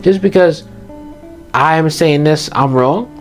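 A teenage vlogger with a fairly high voice talks slowly over soft music. He gives his viewers earnest, emphatic motivational advice, coming back to his main points again and again.

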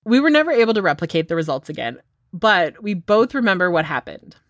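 A woman's voice: fairly low pitch, big pitch swings, fast talker, no room sound, studio quality. A young woman in her twenties co-hosting a podcast, retelling a story in a chatty way and often laughing as she goes. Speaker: podcast co-host. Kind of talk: casual chat, retelling a story.

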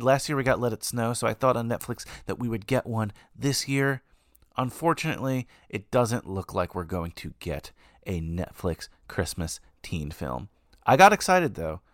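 A man's voice: medium pitch, fairly bright tone, no room sound, studio quality. A man hosting a podcast, chatting in an upbeat, rambling way with many asides. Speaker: podcast host. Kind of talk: casual podcast chat.

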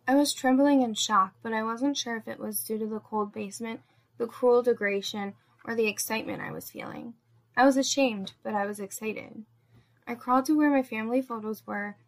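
A woman's voice: a little high, vocal fry. A woman narrating a first-person erotic story, reading with small slips and restarts.

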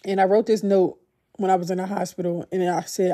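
A woman's voice: lowish voice, level tone, fairly quick, mellow. A young woman hosting a podcast, telling a personal story in a conversational, emotional way with many "like"s. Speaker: podcast host.

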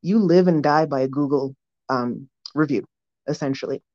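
A woman's voice: low voice, normal speed, a little mellow. A woman calling in from Toronto, earnestly explaining her view. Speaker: caller. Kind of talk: phoned-in opinion. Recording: dull lo-fi phone line.

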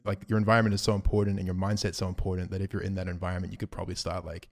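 Low-voiced laid-back young man. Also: flat delivery, rapid-fire, creaky. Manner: laid-back, reflective, trails off quietly. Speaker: podcast co-host. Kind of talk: casual chat.

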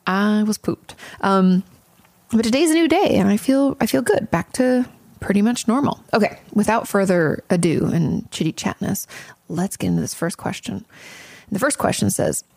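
A woman's voice: mid-range voice, animated, normal speed, creaky, a little mellow, no room sound. A woman therapist hosting an advice podcast, talking in a chatty, frank way and swearing casually.

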